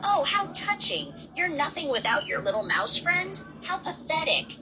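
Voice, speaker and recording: A woman's voice: mid-range voice, moderate pace, background noise, lightly acted. A woman voicing a huge, cruel male monster who taunts and gloats, in an amateur fan audio drama. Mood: mocking.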